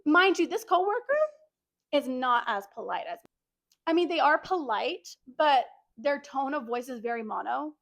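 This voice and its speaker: A young woman telling a workplace story in casual, animated chat, full of fillers like "like". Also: high-pitched, moderate pace, vocal fry, no echo. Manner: animated, chatty, lots of "like". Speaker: podcast co-host.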